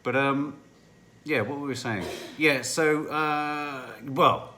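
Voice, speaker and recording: A man's voice: fairly high pitch, slow, sharp tone, a little hiss or hum. A man co-hosting a casual TV review chat, talking in an enthusiastic, rambling way. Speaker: TV review podcast co-host.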